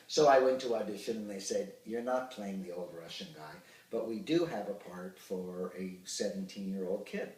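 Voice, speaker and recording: A man in his sixties, an actor telling expressive anecdotes with hesitant fillers in an interview. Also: sits low, normal speed, few pauses. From Ottawa, Canada. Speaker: actor and puppeteer, interview guest. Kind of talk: reminiscing interview. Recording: roomy sound, distant from the mic.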